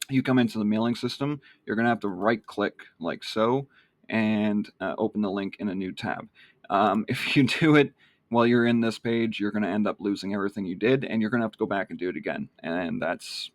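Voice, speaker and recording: A man's voice: on the low side, no room sound. A man giving a casual screen-share tutorial on online marketing, rambling with lots of ums and restarts.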